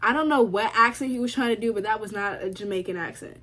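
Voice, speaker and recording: A woman's voice: mid-range voice, fast talker, fairly bright tone. A young woman from the United States chatting casually to camera about what she has been watching, emphatic and given to repeating herself. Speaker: vlogger.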